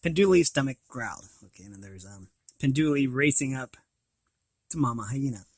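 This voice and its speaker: A man's voice: medium pitch, expressive, brisk, no room sound. A man reading a children's picture book aloud, stopping to describe the pictures and restarting words. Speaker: reader of children's books.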